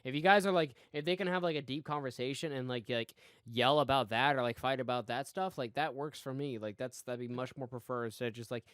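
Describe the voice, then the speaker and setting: A young man co-hosting a casual show review, swearing freely and getting loud when he rants. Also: mid-range voice, fairly quick, hardly any pauses, clear, resonant tone, dry recording, clean studio sound. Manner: swears a lot, gets loud and excited when ranting.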